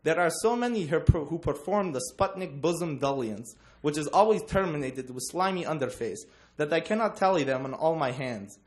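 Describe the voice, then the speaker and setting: A man's voice: on the high side, animated, normal speed, few pauses, a little mellow, lightly acted. A young man voicing a boastful young male translator in a Russian accent, with mangled grandiose English. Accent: Russian, put on. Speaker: student presenter reading aloud.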